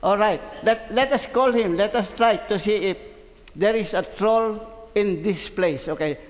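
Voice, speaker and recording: A man reading a story aloud to children as their teacher, animated and asking them questions as he goes. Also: high-pitched, measured pace. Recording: long hall reverb.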